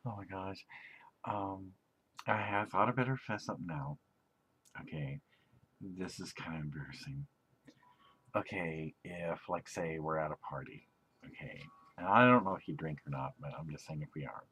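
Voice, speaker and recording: A man rambling in a personal video message, giggling often and going soft and quiet when embarrassed. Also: low voice, expressive, normal speed, pauses often, slightly rough, rough recording. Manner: giggly, self-conscious, often laughing mid-sentence; drops to a soft near-whisper when embarrassed. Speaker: aspiring actor addressing a celebrity.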